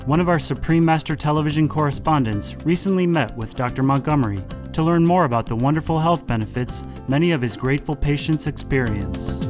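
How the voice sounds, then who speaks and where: Guy with a higher voice doing formal doc narration, loud music under it. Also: brisk, few pauses. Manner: smooth, even and formal. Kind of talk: scripted documentary narration.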